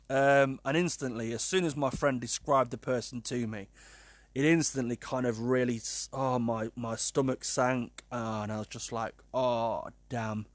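A man's voice: mid-range voice, no room sound. A British man, around his thirties, tells a personal story in a rambling, self-deprecating way, full of "um" and "kind of". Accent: British English.

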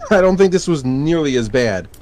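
A man co-hosting a casual gaming podcast, chatty and quick to laugh. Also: on the high side, animated, a little mellow. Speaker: podcast co-host.

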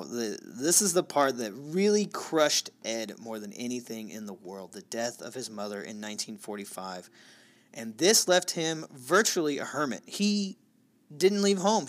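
A man's voice: medium pitch, animated, a little slow. A man co-hosting a true crime podcast, telling the story in a loose, profane, joking way. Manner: loose and profane, with dark jokes. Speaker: podcast co-host.

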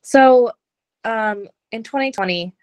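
A woman's voice: on the high side, takes it slowly, a little mellow, clean tone, dry recording. A woman wrestler, a guest on a podcast, answering questions hesitantly with many "um" and "like". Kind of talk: interview answers.

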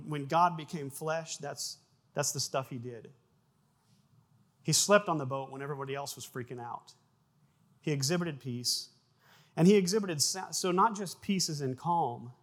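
A man preaching a sermon, animated, with frequent repeated words and acted-out sound effects in his stories. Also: on the high side. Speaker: pastor.

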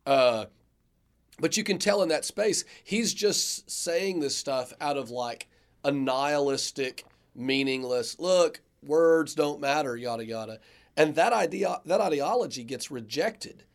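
A man's voice: a little high, a little slow. A man who is a theologian and ethicist, musing reflectively on a podcast with frequent "like" fillers. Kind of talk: casual podcast discussion.

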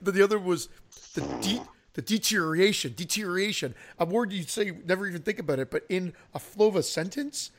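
A man with a fairly high voice chatting casually on a podcast. He rambles, laughs a lot and cracks crude jokes. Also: brisk. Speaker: podcast co-host. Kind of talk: casual chat.

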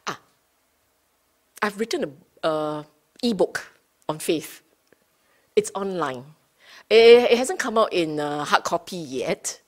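A woman teaching Buddhist Dhamma to a study group, unhurried, rephrasing her points and often checking in with her listeners. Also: fairly low pitch, lively intonation. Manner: rephrases and repeats points for emphasis.

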